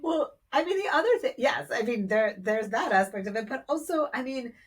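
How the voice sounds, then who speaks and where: A podcast guest speaking in a thoughtful, measured way, with fillers like "um" and "you know". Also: mid-range voice, expressive, breathy edge. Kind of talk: casual podcast conversation.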